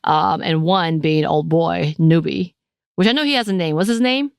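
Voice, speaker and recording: A woman's voice: lowish voice, normal speed, gravelly, clear, resonant tone, dry recording, clean studio sound. A woman co-hosting a podcast, chatting animatedly as she recaps a TV episode, often restarting her sentences. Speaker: podcast co-host. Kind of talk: casual chat recapping a TV episode.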